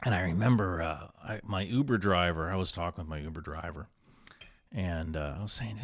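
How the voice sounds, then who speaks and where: A man with a stuffy nose, a podcast guest in casual conversation, telling animated anecdotes with big swings in his voice. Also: sits low, a little fast, no echo, studio quality.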